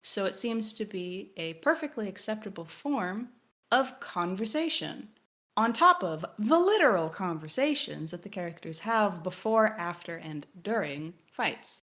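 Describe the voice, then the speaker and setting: A woman's voice: medium pitch, lively intonation, a little slow, a bit bright. A woman co-hosting a podcast in casual discussion, analytical with wry joking asides. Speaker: podcast co-host.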